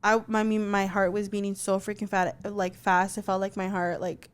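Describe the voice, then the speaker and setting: A young adult woman co-hosting a podcast, telling a story in an animated, chatty way, full of fillers and swearing. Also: mid-range voice, normal speed, clear, resonant tone. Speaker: podcast co-host. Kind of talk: casual chat.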